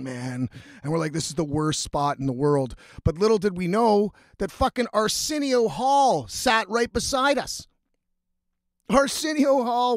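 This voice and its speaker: A man telling a story in a casual, animated, heavily profane way, rambling as he goes. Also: high voice, creaky, no echo, studio quality. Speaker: vlogger.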